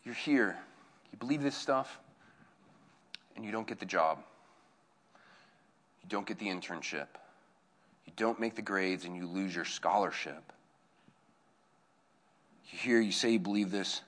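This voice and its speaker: A man, a campus minister preaching a conversational sermon, telling stories that swing from hushed to excited. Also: low voice, measured pace, long pauses.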